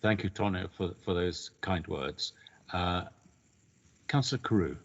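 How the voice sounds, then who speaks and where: A man chairing an online council committee meeting, courteous and measured as he calls on each speaker. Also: low-pitched. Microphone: video call. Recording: dull lo-fi video call audio.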